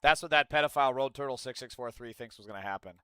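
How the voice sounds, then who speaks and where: A man's voice: medium pitch, racing, pushed and bright, clean tone, dry recording. A man ranting and swearing through political commentary on a live stream, scolding his chat. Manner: profane, ranting, mocking chat.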